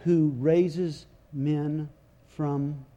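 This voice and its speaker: Animated high-voiced man preaching a sermon. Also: very slow, dull audio. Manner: dynamic preaching, swings from quiet asides to shouted crowd chants; folksy paraphrase of scripture. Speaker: pastor.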